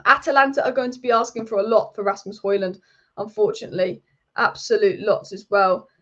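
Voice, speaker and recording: Fast-talking woman, opinionated vlogger. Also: mid-range voice. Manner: opinionated, rapid and animated, with frequent restarts. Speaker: football channel host. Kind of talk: casual opinion vlog. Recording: dull lo-fi recording.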